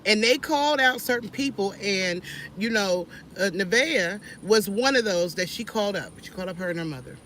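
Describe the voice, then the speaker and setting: A woman talks in a casual, preachy vlog, animated and sermon-like, often restarting her sentences. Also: medium pitch, moderate pace, a little hiss or hum. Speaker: vlogger.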